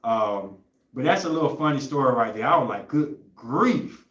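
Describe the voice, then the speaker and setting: A man's voice: medium pitch, lively intonation, a little fast, a bit bright, echoey room. A young man hosting a podcast, telling a story in a loose, rambling way and searching for words. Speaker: podcast host. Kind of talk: casual storytelling chat.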